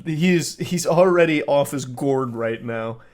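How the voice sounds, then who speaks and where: Dry sarcastic guy roasting texts, mid voice, deadpan. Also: mid-range voice, unhurried. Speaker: online commentator. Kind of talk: comedic commentary on text messages.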